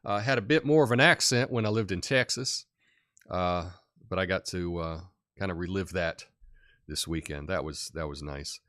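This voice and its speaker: A man's voice: low-pitched, moderate pace, no room sound, studio quality. Laid-back middle-aged man hosting a live stream. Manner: relaxed, chatty, laughs often, many fillers. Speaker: live show host. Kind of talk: casual live-stream chat reading comments.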